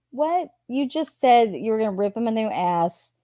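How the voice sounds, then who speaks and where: Woman reading texts aloud n commenting, slow and chatty, dry close mic. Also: mid-range voice, expressive, warm tone, no echo. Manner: chatty, reads messages aloud with asides. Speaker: true crime commentator.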